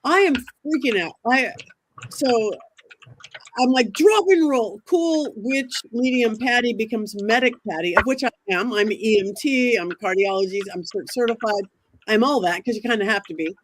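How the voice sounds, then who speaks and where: A woman, a psychic medium as a guest, telling a dramatic story in an animated way and acting out what people said. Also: fairly high pitch, moderate pace, noisy background. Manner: excitable, quotes herself and others in dramatic asides.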